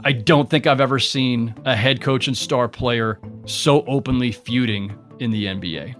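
A sports journalist being interviewed, telling stories in an animated, emphatic way. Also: male voice, medium pitch, moderate pace, soft background music. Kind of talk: interview recollection.

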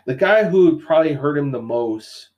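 A man's voice: fairly high pitch, moderate pace, muffled recording. A man in casual conversation, eagerly retelling a story with lots of "you know" and "like". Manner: animated retelling with many fillers. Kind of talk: casual comic book discussion.

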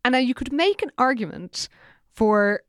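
A woman's voice: on the high side, animated, moderate pace, clear, resonant tone, no room sound, studio quality. A woman co-hosting a podcast, wry and enthusiastic as she discusses a book. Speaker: podcast co-host.

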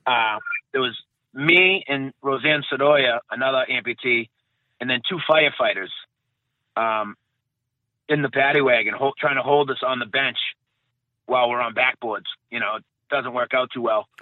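A man's voice: mid-range voice, moderate pace, no echo. A man recounting his experience in a casual interview, rambling and correcting himself as he goes. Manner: rambling, self-correcting, repeats phrases. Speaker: guest, bombing survivor. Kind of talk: casual interview, personal account. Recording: dry tinny phone-like sound.

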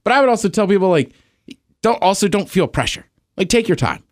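A man's voice: high-pitched, lively intonation, a little fast, no room sound, clean studio sound. A man co-hosting a casual podcast, giving easygoing encouragement and chiming in with short quips. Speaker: podcast co-host. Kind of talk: casual chat.

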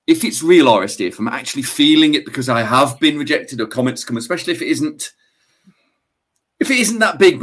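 Male co-host, mid-range voice, chatty with dry self-mocking humour. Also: mid-range voice. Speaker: podcast co-host. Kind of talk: casual advice podcast chat.

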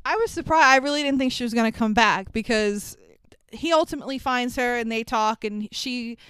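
A chatty woman gives her frank opinions on a film in relaxed podcast talk and laughs often. Her voice is very smooth and clear, a little high, and sits dry and close to the mic. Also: fairly quick, dry recording. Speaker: podcast co-host. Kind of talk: casual movie recap chat.

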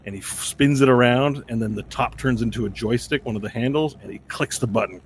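Guy running a tabletop game, rambly narration, says uh a lot, makes boom noises. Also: fast talker, slight background noise. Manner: loose, rambling narration with fillers and sound effects. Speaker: game master.

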